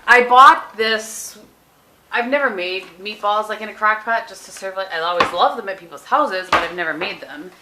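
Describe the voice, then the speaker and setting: In her kitchen, a woman rambles casually through a home vlog, her medium-pitched voice a little fast with few pauses. She's chatty and drops in self-deprecating asides, recorded on a handheld compact camera with noisy home audio.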